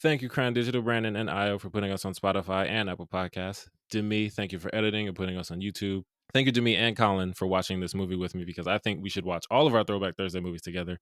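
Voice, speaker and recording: A man's voice: low voice, steady tone, fairly bright tone, no room sound, studio quality. A man hosting a movie podcast, chatting casually and joking with his co-hosts. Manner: fast, joking, laughs often. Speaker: podcast host. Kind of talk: casual chat.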